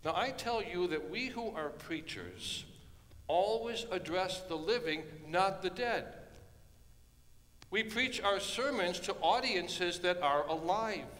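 A man preaching a sermon, telling a story dramatically and dropping from hushed tones to loud ones. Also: high-pitched, lively intonation, takes it slowly. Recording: long hall reverb.

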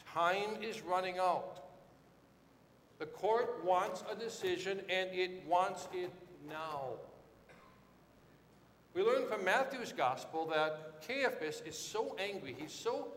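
A man preaching a sermon with dramatic swings, rising to shouted quotes and dropping low and quiet. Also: expressive, slow pace, long pauses, reverberant, big-room sound, slight background noise.

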